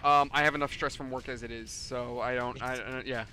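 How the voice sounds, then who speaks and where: During a game stream, a man with a New York accent chats casually, telling rambling stories and swearing freely. His mid-range voice is steady, pushed, and bright, and he talks a little fast.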